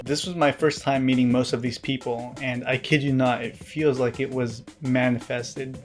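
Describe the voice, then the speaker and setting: A man narrating his own vlog in a scripted, deadpan way, with wry asides and an earnest, introverted manner. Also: mid-range voice, moderate pace, over music. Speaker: vlogger.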